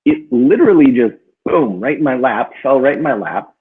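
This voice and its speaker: A man's voice: mid-range voice, moderate pace, slightly rough. A man co-hosting a book club chat, telling a rambling personal story with many fillers. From northern Minnesota. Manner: rambling, many fillers, lively when quoting himself. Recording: tinny phone-like audio.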